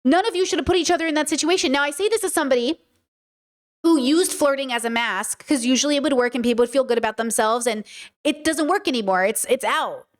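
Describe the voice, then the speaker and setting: A woman's voice: sits high, quick pace. A woman streamer reacting to a clip in casual commentary, emphatic and repetitive, often acting out quotes. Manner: emphatic, repeats points, quotes others in put-on voices.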